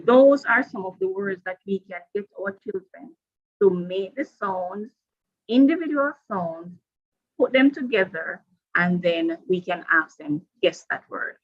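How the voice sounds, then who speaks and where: Woman teacher trainer talking to colleagues, real slow and deliberate, repeats stuff, kinda dull lo-fi sound. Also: medium pitch, lively intonation. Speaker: teacher trainer presenting a workshop. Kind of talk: professional development presentation.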